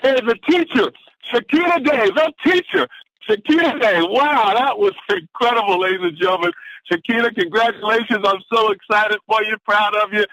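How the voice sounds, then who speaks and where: A man's voice: sits high, normal speed, pushed and bright, no room sound, lo-fi sound. A man on a conference call, exuberantly whooping and cheering as he reads motivational quotes in a preacher-like style. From Atlanta, Georgia. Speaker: caller giving motivational quotes. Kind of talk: excited conference-call pep talk. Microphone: phone line.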